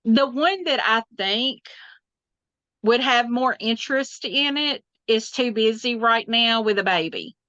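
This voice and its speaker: A woman's voice: fairly high pitch, measured pace, sharp tone, dry recording, muffled recording. A middle-aged woman, chatting as a guest on an interview podcast. She laughs often and trails off into restarts. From Southern United States. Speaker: guest quilter. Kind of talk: casual interview chat.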